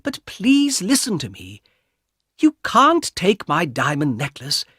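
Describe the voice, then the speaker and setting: A man's voice: high voice, huge pitch swings, slow pace, bright, forceful tone, slightly rough, no echo, clean studio sound, pitched above the performer's own voice, exaggerated voice. A man reading an audiobook, voicing a frightened young woman who pleads with her brother in a raised voice. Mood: pleading.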